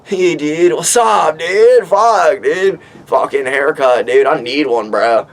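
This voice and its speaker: A man's voice: fairly high pitch, slow pace, voice pushed up. A man voicing a laid-back young bro character who drawls slang and calls everyone dude.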